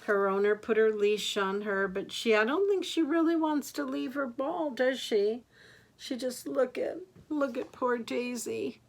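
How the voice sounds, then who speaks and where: An older woman, a grandmother, reading picture books aloud to children in a gentle, expressive way, gasping and asking them questions. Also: on the high side, a little slow, vocal fry. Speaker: grandmother storyteller.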